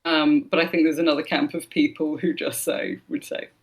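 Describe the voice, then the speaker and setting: A woman's voice: low voice, little pitch movement, normal speed. Chatty woman voice actor telling stories. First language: English. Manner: chatty storyteller, frequent restarts and laughs. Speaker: voice actor guest. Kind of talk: casual interview chat.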